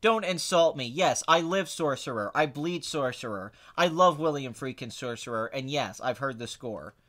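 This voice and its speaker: A man's voice: mid-range voice, moderate pace. A man hosting a podcast, chatting casually about movies in a blunt, sarcastic, opinionated way. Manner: blunt, opinionated, sarcastic, swings between flat and excited. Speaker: podcast host answering chat questions.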